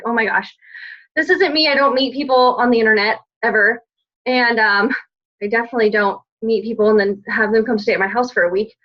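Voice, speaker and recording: A female coach gets heartfelt while chatting with her team over a group call about how her weekend went, sprinkling in "like" constantly. She has a fairly bright tone and a slightly high voice, heard through muffled, low-fidelity call audio.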